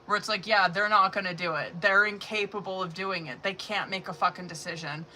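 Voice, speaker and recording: A woman's voice: medium pitch, steady tone, a little fast, bright, forceful tone, a little hiss or hum. A woman giving tarot readings on a live stream in casual, profane, chatty talk that is full of laughs. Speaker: tarot reader.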